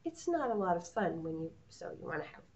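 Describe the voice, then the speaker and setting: A woman teaching preschoolers, talking gently and encouragingly to small children and leading a sing-along. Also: fairly low pitch, big pitch swings, a little fast, dull audio.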